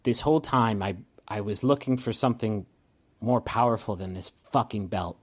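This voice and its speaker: A man voicing a weary, remorseful woman warrior near defeat. He uses his own low voice and speaks haltingly, with many restarts. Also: natural voice. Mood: rueful. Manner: halting, regretful speech with restarts.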